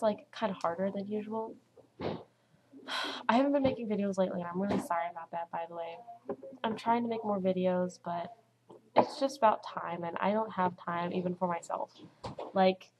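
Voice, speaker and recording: A teenage girl talks straight to camera in a casual home vlog. She is chatty and dramatic, acting out what people said. Her voice sits in a middle pitch over a faint background hiss. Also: low-quality recording. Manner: chatty, dramatic, acts out quotes. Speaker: vlogger.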